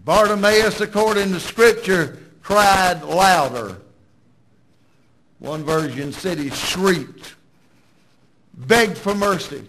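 Male preacher, emphatic sermon delivery, breathy and high. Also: slow, long pauses, fairly bright tone, low-quality recording. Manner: dramatic, emphatic storytelling.

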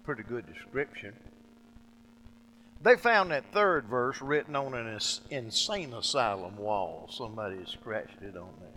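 A male preacher delivering a sermon with a bright, forceful voice. He talks in a folksy, plainspoken way, stumbling and restarting phrases as he tells stories, and he calls his listeners friend. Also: mid-range voice, lively intonation, unhurried, a little hiss or hum, poor audio.

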